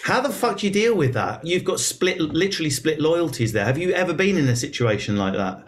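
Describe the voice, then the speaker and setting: A man's voice: fairly high pitch, big pitch swings, brisk. A man with an Essex accent hosting a casual chat, blunt and joking, swearing freely. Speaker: podcast host.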